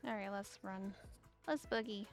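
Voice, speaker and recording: A woman's voice: mid-range voice, normal speed, soft background music. A woman streamer chatting playfully with friends while gaming. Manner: chatty, playful, mock-defensive. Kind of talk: casual gaming chat with friends.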